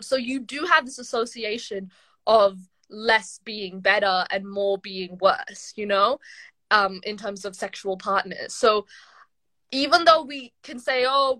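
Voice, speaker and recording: A woman's voice: mid-range voice, fairly bright tone, dry recording. A young adult woman co-hosting a casual podcast chat, talking loosely with lots of "like" and restarts. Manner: chatty, heavy use of "like", trails off and restarts. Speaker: podcast co-host.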